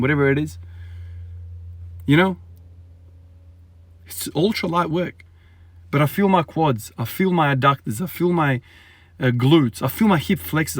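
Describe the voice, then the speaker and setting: A man's voice: fairly high pitch, dry recording. Emphatic man rambling about training. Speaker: strength athlete vlogger. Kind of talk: casual training vlog talk.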